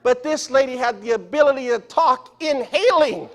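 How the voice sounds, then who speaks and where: A man's voice: very high voice, animated, normal speed. A man preaching a sermon in a church, telling stories and asking the congregation questions. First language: Spanish. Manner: storytelling, asks the congregation questions. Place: church sanctuary.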